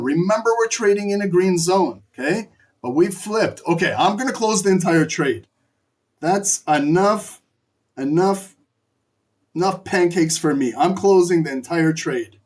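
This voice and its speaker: A man hosting a live trading stream, giving excitable, profane, joking play-by-play commentary as the price moves. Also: sits high, slightly rough.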